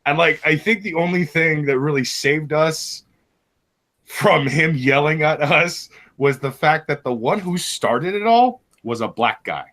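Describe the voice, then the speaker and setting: Bright-voiced man telling crude stories. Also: on the high side, measured pace. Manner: crude, laughing storyteller. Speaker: stream host. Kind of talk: casual chat.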